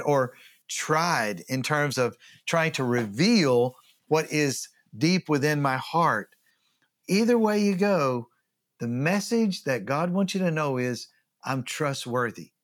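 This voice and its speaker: A man's voice: a little high, lively intonation, takes it slowly. A male pastor preaching a sermon in a conversational way, often asking his listeners questions.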